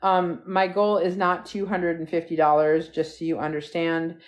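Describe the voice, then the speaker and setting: A woman's voice: lowish voice, level tone, normal speed. A woman hosting a casual live stream, rambling and chatty as she talks to viewers and her dog, recorded on a phone. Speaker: livestream host. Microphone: phone livestream.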